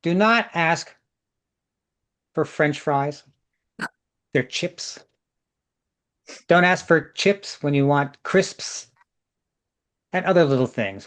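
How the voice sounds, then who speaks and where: A man's voice: fairly high pitch, expressive, slow, long pauses, a bit bright. A man organizing a group tour, giving chatty, jokey travel advice over a video call and repeating words for emphasis.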